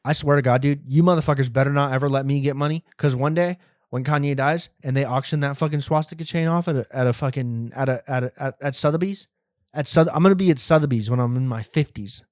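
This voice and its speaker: A man's voice: mid-range voice, fast, a little mellow, no room sound, clean studio sound. A young adult man hosting a comedy podcast, riffing in a profane, rambling monologue that acts out imagined scenes.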